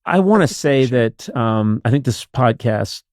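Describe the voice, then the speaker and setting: This is a male podcast host talking in a deadpan, mock-serious way in a studio, his pitch leaping from low to high. The sound is close and dry, with no room in it. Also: a little slow, no room sound. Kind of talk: casual chat.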